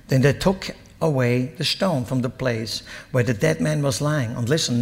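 A man preaching a sermon, reading scripture aloud and explaining it, rising to loud emphatic peaks and dropping to low asides. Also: gravelly, long reverb tail.

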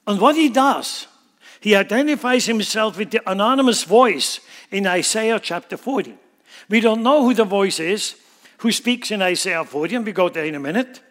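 A man's voice: high voice, animated, moderate pace, fairly bright tone. A man preaching a sermon, emphatically explaining scripture line by line. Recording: long hall reverb.

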